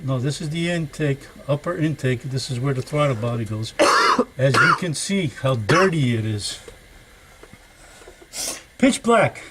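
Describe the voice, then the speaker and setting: A man's voice: medium pitch, expressive, a little slow, pauses often, noisy background. An older man chatting folksily to viewers as he works on an engine in his home workshop, rambling from one thought to the next. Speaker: home mechanic vlogger. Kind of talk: casual workshop vlog.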